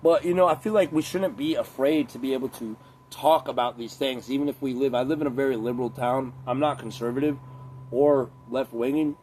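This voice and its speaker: A man talks straight to camera in a loose, rambling rant, swearing freely and wandering off topic. He is a few beers in. His voice sits at an ordinary middle pitch, with faint background noise. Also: fairly quick, darkish tone. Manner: profane, rambling, digressive. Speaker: vlogger.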